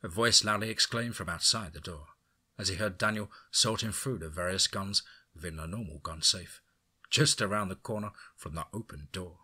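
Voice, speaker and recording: A man's voice: low-pitched, moderate pace, pushed and bright, breathy edge. A man narrating a horror story aloud, then chatting enthusiastically to his listeners. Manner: enthusiastic, effusive.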